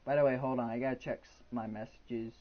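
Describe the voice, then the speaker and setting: A man's voice: mid-range voice, steady tone, quick pace, lo-fi sound. A man in his twenties chatting casually and frankly from his bedroom during a live game stream. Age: 20s. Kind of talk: casual rambling chat.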